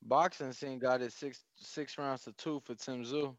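A man giving calm, matter-of-fact updates while watching a fight. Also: mid-range voice, unhurried, no room sound. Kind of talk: casual fight discussion. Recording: dull, dry mic.

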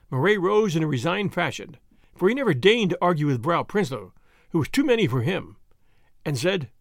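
A man reading a novel aloud as first-person storyteller, in a steady narrating manner. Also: on the high side, normal speed, no room sound, clean studio sound. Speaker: audiobook narrator.

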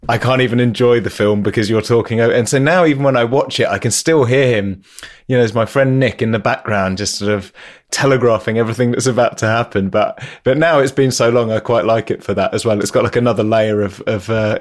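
Relaxed low-voiced man hosting a podcast. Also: brisk. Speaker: podcast host. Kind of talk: casual podcast chat.

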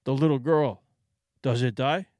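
A man's voice: mid-range voice, measured pace, darkish tone, no echo, lightly acted. A man voicing a grave, plain-spoken male wilderness guide who talks in terse, simple, broken phrases, in a dry recording. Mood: grave puzzlement.

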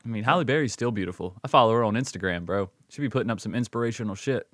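A man's voice: on the low side, animated, very fast, dry recording, studio quality. A man co-hosting a podcast in casual chat, easygoing, swearing freely and calling his friend bro and dude. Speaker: podcast co-host.

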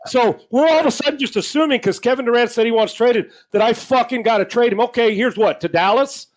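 A middle-aged man on a sports talk show with a notably high-pitched voice, ranting hard. He swears freely and plays out mock back-and-forth exchanges to make his point. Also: quick pace. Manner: profane, blunt, ranting with mock dialogue. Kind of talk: heated sports talk rant.

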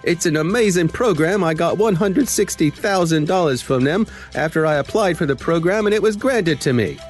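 A man voicing a pushy money-grant scammer in a deliberately bad Australian accent. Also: on the high side, faint music behind, close to an everyday voice.

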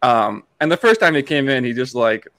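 A man's voice: medium pitch, expressive, moderate pace, fairly bright tone, no room sound. A man in his late twenties from Massachusetts, a podcast guest telling stories in a chatty way with many restarts. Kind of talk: casual storytelling chat.

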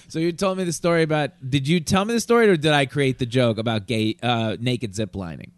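A man hosting a podcast, a comedian telling stories in a lively, acted-out way. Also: mid-range voice, a little fast, dry recording. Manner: animated, acts out quotes. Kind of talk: casual storytelling chat.

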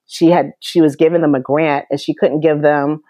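A woman's voice: low voice, little pitch movement, normal speed, warm tone, no room sound. A woman guest in an interview, telling her story in an earnest, emotional way with frequent restarts. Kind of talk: conversational interview.

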